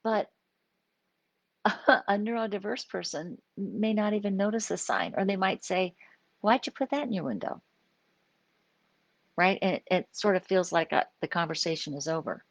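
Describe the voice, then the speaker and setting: Low-voiced woman explaining in a live stream. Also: no room sound. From US Pacific Northwest. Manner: conversational, explaining with frequent "right?" check-ins. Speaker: psychologist hosting a live stream. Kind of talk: informal live-stream talk.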